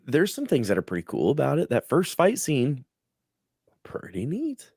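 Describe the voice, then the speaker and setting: A man co-hosting a podcast in casual chat, expressive and quick to jump into quoted voices. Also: breathy edge, dry recording, studio quality. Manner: expressive, pitch jumps when quoting others. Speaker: podcast co-host.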